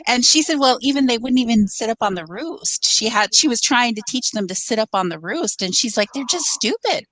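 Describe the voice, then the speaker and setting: A woman guest on a podcast, telling a funny story in an animated, laughing way. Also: fairly high pitch, a little fast, dry recording, poor audio. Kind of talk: casual storytelling.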